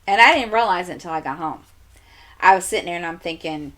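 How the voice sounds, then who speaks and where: Rambling middle-aged woman, lowish voice. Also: lively intonation, fast talker, bright, forceful tone. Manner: rambling, exasperated storytelling with many asides. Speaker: crafting channel host. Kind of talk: casual chat. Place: home craft corner. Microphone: desk microphone.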